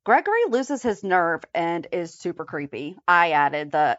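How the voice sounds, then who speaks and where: A woman's voice: mid-range voice, unhurried, fairly bright tone, no room sound, highs cut off. A woman co-hosting a fan podcast, chatting casually and reading through a list of episode headlines. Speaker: podcast co-host. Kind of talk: casual recap chat.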